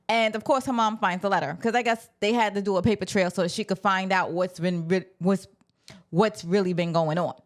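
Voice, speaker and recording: A woman talking through a movie plot in a relaxed, chatty way. She is sassy and animated, and her pitch sits in an ordinary middle range. She jumps into the characters' lines and answers them with her own reactions. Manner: sassy, animated storytelling with acted-out quotes. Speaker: film reviewer. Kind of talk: casual spoken movie review.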